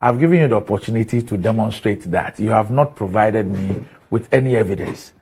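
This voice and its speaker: A man from Ghana hosting a TV talk show, pressing his guest in a firm, measured way. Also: on the low side, darkish tone, slightly rough. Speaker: TV show host. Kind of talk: interviewing, challenging a guest.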